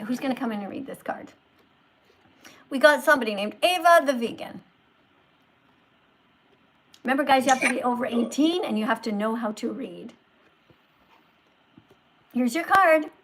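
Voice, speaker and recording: High-voiced woman hosting a livestream in a teacher role; moralizing, scolding lecture. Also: lively intonation, moderate pace, long pauses, a little hiss or hum, poor audio. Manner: scolding, moralizing, swings loud to soft. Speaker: livestream host posing as a teacher.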